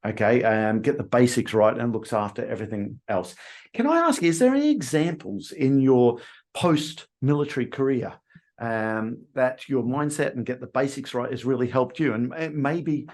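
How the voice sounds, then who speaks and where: A man's voice: medium pitch, sing-song, normal speed, a little mellow. Australian man hosting a chatty interview. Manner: friendly, chatty, prompting questions. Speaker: podcast host. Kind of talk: interview conversation.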